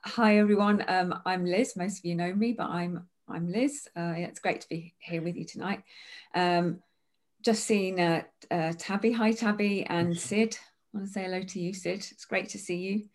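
A woman co-presenting a casual church live stream, chatty and quick to laugh. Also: fairly low pitch, steady tone. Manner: chatty, laughs often, repeats words. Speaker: church youth group co-presenter.

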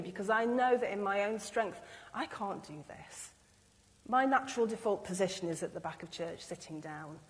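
A woman's voice: fairly high pitch, animated, normal speed. A woman preaching an earnest, emotional sermon and acting out the speech she imagines from others. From England. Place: church. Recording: long church reverb.

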